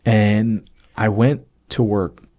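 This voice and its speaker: A man's voice: fairly low pitch, steady tone, takes it slowly, warm tone. A man, a podcast guest, telling a personal testimony in an emotional storytelling way, full of fillers and acted-out bits of dialogue. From United States.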